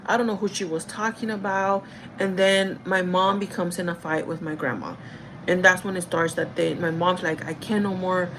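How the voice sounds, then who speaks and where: A woman's voice: medium pitch, slight background noise, rough recording. A young woman vlogger telling a family story in casual chat, rambling with many fillers and often calling her viewers "guys".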